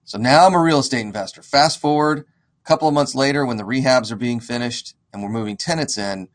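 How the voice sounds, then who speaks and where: A man telling a casual, animated story to an audience, acting out the dialogue. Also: mid-range voice, a little fast. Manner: animated, acts out quoted dialogue. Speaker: real estate investor and educator.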